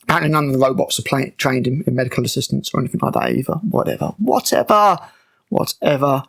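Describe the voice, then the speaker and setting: A man's voice: mid-range voice, fairly even intonation, rapid-fire, creaky, a bit bright, husky. A man giving a sarcastic, exasperated breakdown of a TV episode, mocking it as he goes. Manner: exasperated, mocking, with frequent fillers and restarts. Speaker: TV show reviewer.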